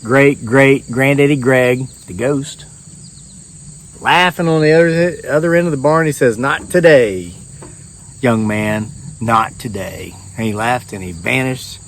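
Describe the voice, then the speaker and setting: A man spins a tall tale in a folksy, rambling drawl. He tells it loose and easy, like a yarn among neighbors, with a voice of middling pitch. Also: a little slow, a little hiss or hum. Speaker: storyteller.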